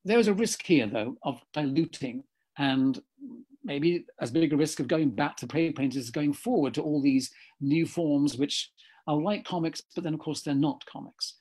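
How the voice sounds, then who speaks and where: A slightly hoarse man giving a discursive lecture over a video call, often correcting himself mid-sentence. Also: on the high side, moderate pace, a little mellow.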